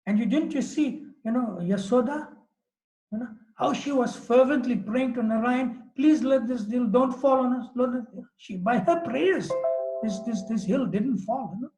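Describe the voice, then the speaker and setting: A man's voice: very high-pitched, expressive, moderate pace, darkish tone, echoey room, pitched above the performer's own voice, low-quality recording. A man voicing a proud, fond old cowherd father, speaking emphatically. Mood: insistent.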